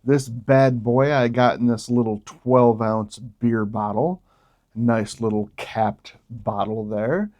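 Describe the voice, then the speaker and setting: A beer vlogger talks his way through a tasting at an easy, unhurried pace, his voice low, mellow and warm. Between sips he throws out jokes and exclamations, all casual and unscripted.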